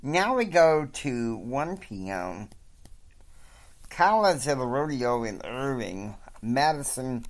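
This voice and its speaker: Slow, rambling male storyteller. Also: mid-range voice, big pitch swings. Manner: rambling asides, frequent fillers. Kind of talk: casual reading of his own fan story.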